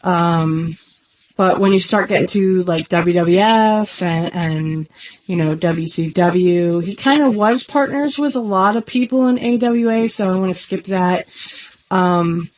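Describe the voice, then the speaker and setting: A woman's voice: fairly low pitch, measured pace, a little mellow. A woman hosting her own podcast in an earnest, rambling, self-deprecating casual chat. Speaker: podcast host.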